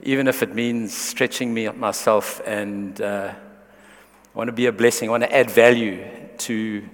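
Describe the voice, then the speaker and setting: A man's voice: fairly low pitch, fairly even intonation, measured pace, big-room sound. A man preaching a sermon to his church, earnest and conversational, restarting phrases as he goes. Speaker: pastor.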